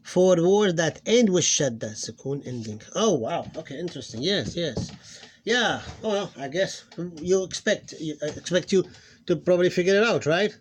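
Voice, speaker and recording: A man's voice: fairly high pitch, animated, moderate pace, slight background noise. A man teaching Arabic phonics in an informal lesson, thinking aloud, correcting himself and stretching out the example words he models.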